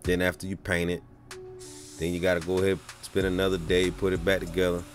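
Car painter, male, very low voice, easygoing voice-over. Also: little pitch movement, fairly quick, faint music behind. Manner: laid-back, with many "um" and "man". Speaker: auto body painter. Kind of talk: casual voice-over of a paint job.

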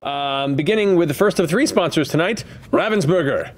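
A man's voice: fairly high pitch, fairly quick. A man hosting, amused as he introduces sponsors. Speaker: host.

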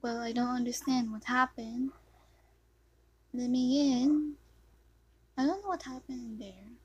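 A woman chats her way through a video game with a high, somewhat husky voice. She talks at an unhurried pace between sudden excited yelps and hushed mutters. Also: lo-fi sound. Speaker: gamer commentating her play. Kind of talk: casual gameplay commentary.

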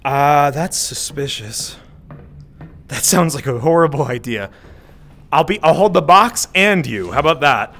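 A male streamer narrating his gameplay in casual, profane chatter. His voice runs a little higher than most men's and swings widely in pitch as he gets worked up and talks back to the game. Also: animated, a little slow, a bit bright.

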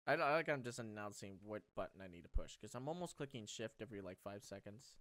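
Let's Play host, male, animated delivery with big pitch swings; mutters low, then yelps with excitement; casual swearing. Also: fast talker. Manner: excitable, swears, thinks aloud. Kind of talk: gameplay commentary.

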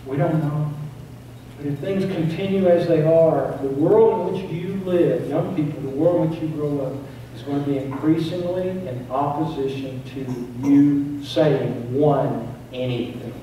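A man's voice: on the high side, measured pace, dark tone. A man, preaching a sermon as pastor, building emphasis with repeated phrases. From East Tennessee. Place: church sanctuary. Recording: very echoey church, distant mic, faint noise.

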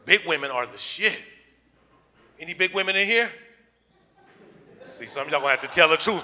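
A man's voice: a little high, lively intonation, normal speed, pauses often, sharp tone. A man performing a crude stand-up comedy set in a comedy club, with loose punchlines and vivid put-on voices.

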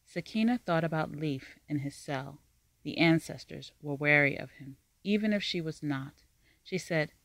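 A narrator reading a fantasy story aloud in a measured, even storytelling manner. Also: medium pitch, gravelly, no echo. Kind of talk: scripted audiobook narration.

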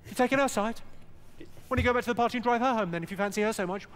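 Man putting on a shrill angry girlfriend. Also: rapid-fire, fairly bright tone, smooth, long reverb tail. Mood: accusing. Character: angry drunk young girlfriend, shrill and sulky.

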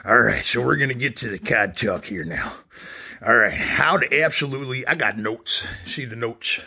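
A man's voice: mid-range voice, moderate pace, gravelly, sharp tone, breathy edge, full character voice. A man voicing a foul-mouthed, cocky male ventriloquist dummy in a comedy puppet sketch, brash and boastful.

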